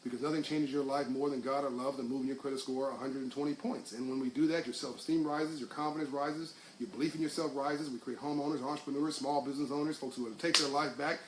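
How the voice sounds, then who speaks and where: A man's voice: mid-range voice, fairly even intonation, quick pace, few pauses. Man rambling live to viewers, echoey room. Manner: rambling, with many restarts and fillers, then building to fervent speech. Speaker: livestream host reading viewer comments. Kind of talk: casual live talk to viewers. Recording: echoey room with faint hiss.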